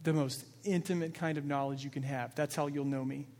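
A man's voice: a little high, fairly even intonation, fairly quick, a little mellow. Earnest male pastor in an echoing hall. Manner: earnest, builds emphasis, quoting scripture with feeling. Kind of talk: sermon. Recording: long reverb of a large hall.

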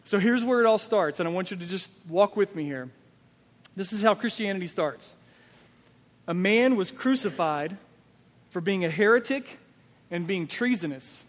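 A man's voice: sits high, animated, moderate pace, long pauses, in a large hall. A man preaching a sermon as pastor, emphatic and full of rhetorical questions.

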